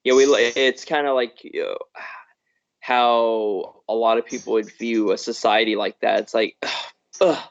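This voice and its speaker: A man's voice: lowish voice, fairly even intonation, normal speed. A man co-hosting a podcast, rambling through his points about a film with restarts and "you know"s. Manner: rambling, restarts, frequent laughs. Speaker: podcast co-host. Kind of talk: casual film review chat. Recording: muffled lo-fi live stream audio.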